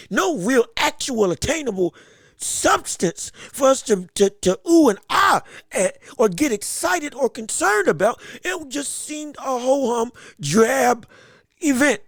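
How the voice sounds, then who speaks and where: A man hosting his own sports podcast, excited and theatrical, talking through being sick. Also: very high-pitched, no room sound, studio quality. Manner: hyped, theatrical, sing-song delivery with exclamations. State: sick, under the weather.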